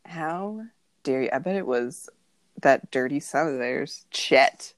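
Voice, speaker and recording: Low-voiced woman gossiping sarcastically. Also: lively intonation, takes it slowly, dry recording, clean studio sound. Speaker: podcast co-host. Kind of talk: casual chat.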